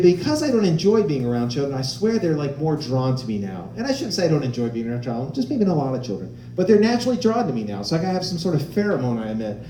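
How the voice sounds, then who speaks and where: A man in his forties does stand-up in a roomy live venue, his voice sitting a little high and swinging widely in pitch as he tells his stories. The tone stays mellow and dark even when he gets animated. He jumps into the voices of the people in his stories, then drops back to the set. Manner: animated storytelling, acting out quoted voices. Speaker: stand-up comedian. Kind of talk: stand-up comedy.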